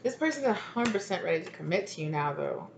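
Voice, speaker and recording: A woman's voice: mid-range voice, big pitch swings, fast talker. Chatty woman giving a roomy tarot reading. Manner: chatty, swears freely, laughs, acts out quoted lines. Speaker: tarot reader. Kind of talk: casual spoken tarot reading. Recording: roomy echo, faint noise.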